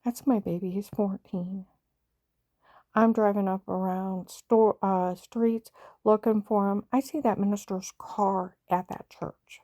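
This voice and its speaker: A woman's voice: mid-range voice, fairly even intonation, slow, warm tone, dry recording. A middle-aged woman recounting a painful family story in a rambling, emotional way, with many fillers and restarts. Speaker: mother telling her story. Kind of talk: casual personal storytelling.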